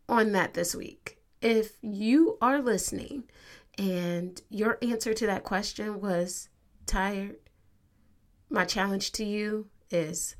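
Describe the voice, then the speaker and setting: Female podcast host, upbeat and conversational, addresses listeners directly, medium pitch. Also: fairly bright tone. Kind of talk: motivational podcast monologue.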